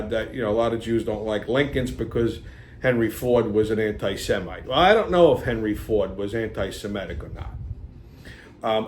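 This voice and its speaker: A male host delivering a blunt, profane rant, often pausing to ask "okay?". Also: mid-range voice. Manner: blunt, swearing, repeats "okay?".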